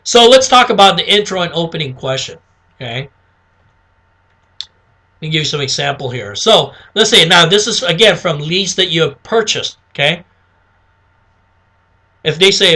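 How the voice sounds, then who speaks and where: Bright, high-voiced man coaching. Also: lively intonation, moderate pace, pauses often. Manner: chatty, repeats "okay?", acts out sample phone calls. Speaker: sales trainer. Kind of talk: casual instructional talk.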